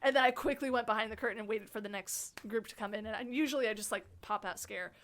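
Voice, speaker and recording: Bright, high-voiced woman host. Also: quick pace. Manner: animated, laughing, acts out scares. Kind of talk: casual chat, storytelling.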